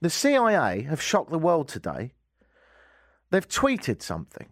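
A man's voice: fairly high pitch, huge pitch swings, unhurried, fairly bright tone, no room sound, clean studio sound. A man with an English accent hosting a radio talk show, talking in a wry, exasperated comic rant. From England. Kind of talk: casual comic radio monologue. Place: radio studio.

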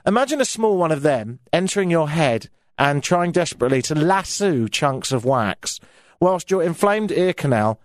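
A man's voice: a little high, no room sound. A man from Britain hosting a radio show, telling a self-mocking comic story from his studio microphone.

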